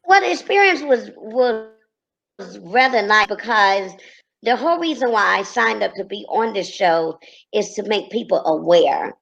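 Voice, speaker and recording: A woman from Texas with a Texas accent, a guest in a casual interview, talking in a relaxed, easygoing way. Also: medium pitch, unhurried, creaky, highs cut off. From Corsicana, Texas. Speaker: guest, reality TV personality.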